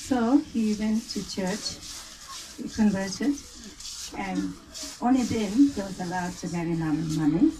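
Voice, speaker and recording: A South African woman speaks to her gathered relatives, hesitant and pausing often on fillers. She sits at a middle pitch and is recorded on a phone from a distance, with clear background noise around her. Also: warm tone. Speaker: family member giving a reunion speech. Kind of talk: informal speech to family. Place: outdoor family gathering.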